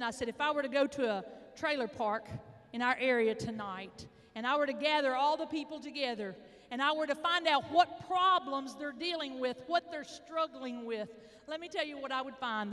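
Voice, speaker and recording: A middle-aged woman with an Arkansas accent giving a motivational speech, telling folksy stories with dramatic pauses. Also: high voice, fairly bright tone. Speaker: motivational speaker. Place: large indoor hall, addressing an audience. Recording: echoey large hall.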